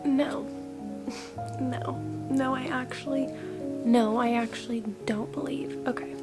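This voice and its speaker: A young woman filming herself at home for a casual reading vlog, gushing over a book with big dramatic reactions that often sink to a hushed murmur. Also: high voice, steady tone, slow pace, over loud music. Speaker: book vlogger. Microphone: camera mic.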